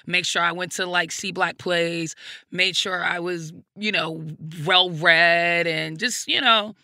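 A woman's voice: fairly low pitch, sharp tone, no echo, clean studio sound. A woman, a guest comedian, speaking frankly and reflectively in an interview, with plenty of "like" and "you know" and casual swearing. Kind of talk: candid personal storytelling in an interview.

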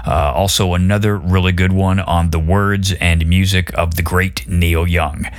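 A man's voice: sits low, steady tone, measured pace. A man hosting a podcast, chatting casually about music and laughing easily as he tells anecdotes. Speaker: podcast host.

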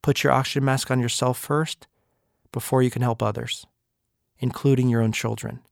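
A man's voice: mid-range voice, steady tone, normal speed, vocal fry, dry recording, clean studio sound. A man hosting a podcast, giving an emphatic motivational talk full of rhetorical questions. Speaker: podcast host and speaker.

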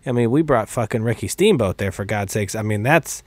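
A man's voice: fairly low pitch, animated, brisk, darkish tone, no room sound. Blunt, swearing man on a podcast. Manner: blunt and profane, laughs easily. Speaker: podcast co-host. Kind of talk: casual podcast chat.

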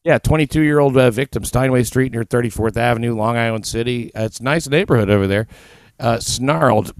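A man hosting a podcast in casual chat, delivering commentary in a dry, sardonic deadpan. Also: medium pitch, brisk, no echo. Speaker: podcast host.

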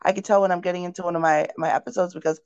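A woman's voice: fairly low pitch, steady tone, rapid-fire, darkish tone, smooth, no echo. Woman, podcast co-host, earnest and reflective, dry slightly muffled sound. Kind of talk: casual conversation.

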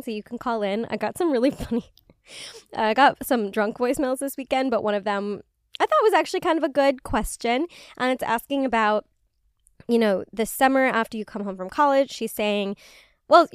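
A woman's voice: on the high side, a little fast, smooth, no room sound, clean studio sound. A woman hosting a casual solo podcast, chatty and swearing freely, with lots of "like". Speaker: podcast host.

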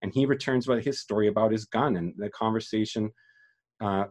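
A man's voice: fairly low pitch, brisk, darkish tone. A man hosting a podcast, talking through a film in a rambling, emotional way with many restarts and some swearing. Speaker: podcast host. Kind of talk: casual film discussion.

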